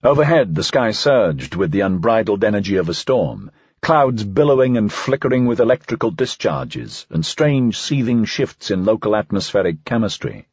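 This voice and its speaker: Male audiobook narrator, low husky voice, lively delivery, dry slightly dull recording. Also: normal speed, no room sound. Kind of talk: scripted fiction narration.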